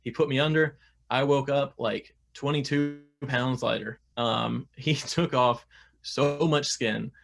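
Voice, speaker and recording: Brief: young adult man, gravelly, chatty guest with lots of restarts. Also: mid-range voice, steady tone, takes it slowly, music in the background. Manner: chatty, many fillers and restarts. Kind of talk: casual interview talk.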